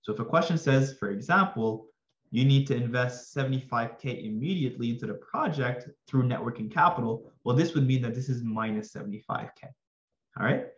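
Hoarse, energetic male finance tutor. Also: medium pitch, brisk, reverberant, dull audio. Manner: energetic, addresses viewers with slangy asides. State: slightly hoarse, losing his voice. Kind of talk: casual exam-prep lesson.

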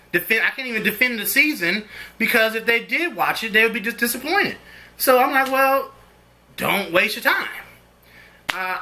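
A man's voice: sits high, pushed and bright. A young man giving a casual, rambling spoken review of a TV episode in a slangy, conversational way.

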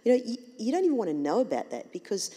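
A woman's voice: fairly high pitch, sing-song, rapid-fire, warm tone, breathy edge. A woman guest at a live talk, speaking earnestly and building her points with rhetorical questions. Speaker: panel guest. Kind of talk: reflective speech at a live talk. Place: event hall with audience. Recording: reverberant hall.

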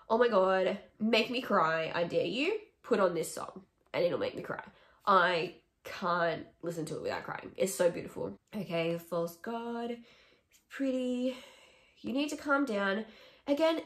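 A woman's voice: medium pitch, creaky. A young woman talks through her opinions in a loose, chatty way, dropping sarcastic asides as she goes. Her voice sits in a middle range. The room around her gives the sound a noticeable echo. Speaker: music vlogger. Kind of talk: casual ranking chat to camera. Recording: echoey room.

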